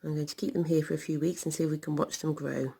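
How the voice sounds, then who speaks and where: A woman teaches small children to write a sentence. She speaks slowly in a sing-song, encouraging way, stretching out each letter sound as she goes. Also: sits low, fairly even intonation, creaky, dark tone, slightly rough. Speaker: primary school teacher.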